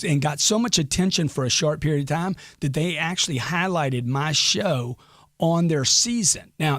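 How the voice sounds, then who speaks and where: A middle-aged man giving a brash, emphatic, crude motivational talk as an interview guest. His voice sits a bit high. The sound is close and dry. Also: no room sound. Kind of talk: podcast interview.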